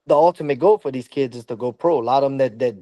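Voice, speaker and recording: Mellow-voiced halting boxing coach man. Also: mid-range voice, dry recording, lo-fi sound. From Louisiana. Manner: halting, lots of fillers and restarts. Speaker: boxing coach, podcast guest. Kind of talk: casual interview talk.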